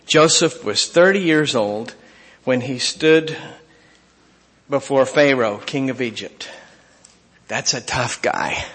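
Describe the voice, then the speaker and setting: A man preaching a sermon, reading scripture aloud and swinging from emphatic lines to hushed asides. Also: medium pitch, animated, slow, big-room sound. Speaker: pastor.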